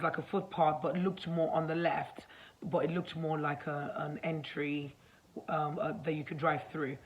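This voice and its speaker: A woman vlogger in casual storytelling mode, animated, acting out the dialogue as she goes. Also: low-pitched, a little hiss or hum, low-quality recording. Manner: animated, acts out dialogue, fillers.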